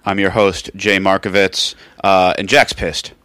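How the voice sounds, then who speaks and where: A man's voice: sits low, level tone, unhurried, pushed and bright, clear, resonant tone, no echo. A man co-hosting a casual comedy podcast, teasing his co-host with wisecracks.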